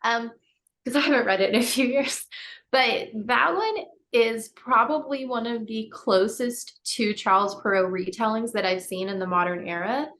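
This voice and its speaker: A woman's voice: on the high side, moderate pace, fairly bright tone. A woman co-hosting a podcast, chatting casually and enthusiastically, peppering her talk with likes and laughter. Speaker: podcast co-host. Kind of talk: casual chat.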